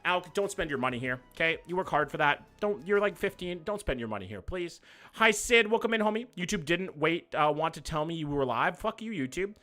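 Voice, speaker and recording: A man's voice: a little high, expressive, fairly quick, sharp tone, soft background music. A young man hosting a livestream, reading viewer comments in loose, profane, joking banter. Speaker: livestream host. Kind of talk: casual live chat reading viewer comments.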